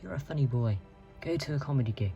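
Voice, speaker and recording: A woman's voice: extremely low pitch, lively intonation, fast talker, vocal fry, mellow, pitched above the performer's own voice, heavily acted. A man voicing a brash, foul-mouthed mother who talks bluntly, in a dull lo-fi recording with faint music behind. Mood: bossy. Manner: blunt, swearing.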